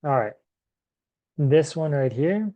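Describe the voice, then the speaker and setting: A man teaching to Spanish speakers in a slow classroom lesson, patiently repeating each word and thinking aloud as he writes. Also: on the high side, animated, dull audio. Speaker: English teacher.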